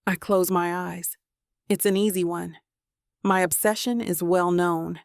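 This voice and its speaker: A woman narrating a first-person romance audiobook in an intimate, steady way into a close mic. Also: lowish voice, measured pace, creaky, smooth, no echo.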